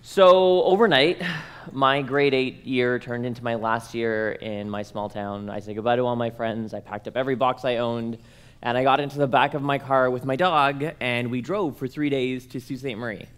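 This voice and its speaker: A man's voice: mid-range voice, moderate pace, clear, resonant tone. A young man from Canada telling a personal story to an audience, acting out the voices of the people in it. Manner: animated, acts out quoted voices. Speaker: speaker at a church conference.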